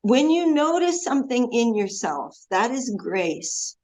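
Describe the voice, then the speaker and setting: Very animated yet a little slow, her slightly high, somewhat mellow voice carries an earnest devotional class held over a video call. The audio is dull and lo-fi, and she fills the talk with stories and many quoted prayers.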